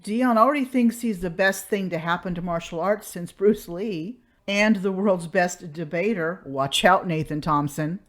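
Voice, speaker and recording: A woman's voice: on the low side, a little slow, few pauses. A woman hosting a commentary channel, talking in a sarcastic, exasperated reaction style.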